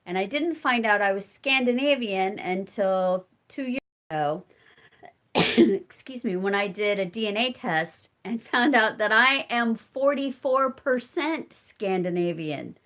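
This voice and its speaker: Her voice is medium-pitched, animated, unhurried and a touch bright. She is a middle-aged American homestead vlogger chatting on a live stream, replying to viewers' comments as she spins fiber at home.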